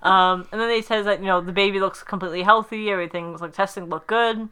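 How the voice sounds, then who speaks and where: Chatty woman with a bright, clear voice. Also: medium pitch, steady tone, fast. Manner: chatty, rambling with many fillers, acts out quotes. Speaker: podcast co-host recapping a sitcom episode. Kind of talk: casual chat.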